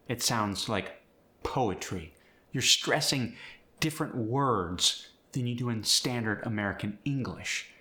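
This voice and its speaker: A man's voice: mid-range voice, pushed and bright. A man teaching how to speak with a British accent, explaining the sounds and then demonstrating words in the accent. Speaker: acting and accent coach. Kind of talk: instructional video.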